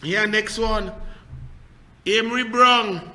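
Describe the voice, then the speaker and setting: A man with a Trinidadian accent hosting a political talk show, ranting and taunting in a loud, shouting style. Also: high-pitched, steady tone, takes it slowly. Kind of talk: heated political commentary.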